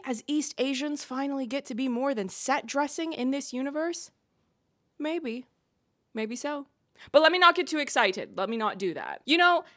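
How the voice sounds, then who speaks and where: Animated woman vlogger with a higher voice. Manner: animated, opinionated and playful. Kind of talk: casual commentary on a TV show.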